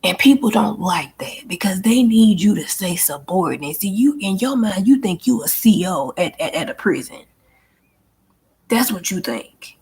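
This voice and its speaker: A woman's voice: mid-range voice, lively intonation, moderate pace, a little mellow, slightly rough. A woman hosting her own channel, venting bluntly and emphatically in a casual monologue, often swearing and repeating herself. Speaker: channel host and life coach.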